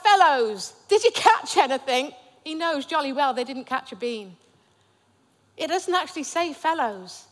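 A woman's voice: very high-pitched, fairly bright tone, long reverb tail. A woman pastor preaching a sermon in an emphatic, repetitive cadence. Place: church.

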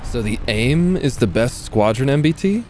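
A man's voice: medium pitch, lively intonation, moderate pace, darkish tone, slight background noise. A young man commenting on a live tank game stream, swearing, sarcastic and chatting with viewers.

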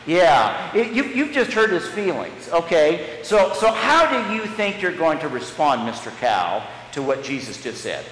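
A man's voice: a little high, sing-song, a little slow, hardly any pauses, a bit bright, slight background noise. A man serving as pastor, leading a children's message in a church sanctuary, guiding the kids through a story in a stop-start, playful way. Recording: echoey church hall, live stream.

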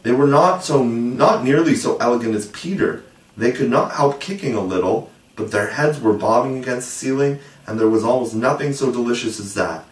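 A man narrating a storybook aloud with expressive, measured delivery, recorded with a roomy, distant mic. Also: medium pitch. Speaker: audiobook narrator. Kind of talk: storybook reading.

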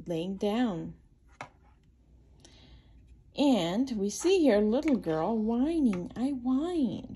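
A woman reads a children's picture book aloud for her channel, pausing to explain each page in plain, simple words. She talks slowly and unhurriedly, in a soft, mellow voice. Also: mid-range voice, gravelly, slight background noise.

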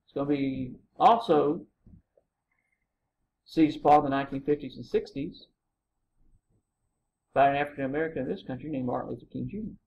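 A man's voice: mid-range voice, a little fast, long pauses, a little mellow, muffled recording, slight background noise. A man lecturing a college humanities class, telling stories casually and acting out quotes, with frequent "right?" to the students.

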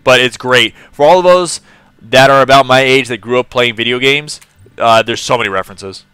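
A man from California talks through his game on a live stream in a bright, clean voice. He chats loosely, laughs often and greets viewers by name. The sound is dry and close, with no room echo. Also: medium pitch, moderate pace, clear, resonant tone. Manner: chatty, laughs often, greets and answers chat. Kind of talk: casual live-stream commentary.

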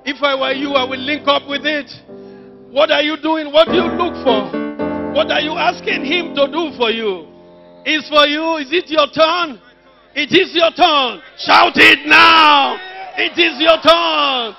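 High, gravelly preacher. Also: male voice, a little slow, highs cut off, music in the background. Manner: impassioned, calls out to the congregation. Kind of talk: sermon. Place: church service.

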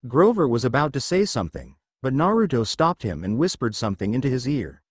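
A man reading a first-person fan fiction story aloud in a casual, lively way. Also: mid-range voice, brisk, slightly rough, dry recording, clean studio sound. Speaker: narrator.

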